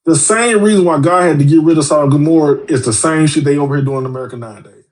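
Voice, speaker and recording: A man with a fairly high voice, a guest on a podcast, talks bluntly and with plenty of swearing in casual chat. He tells his stories with energy and acts out the other people's voices. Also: racing. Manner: blunt, profane, animated storytelling.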